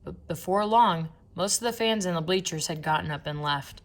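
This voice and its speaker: A woman narrating a children's book in a playful, expressive storytelling manner. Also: on the low side, normal speed. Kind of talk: children's audiobook reading.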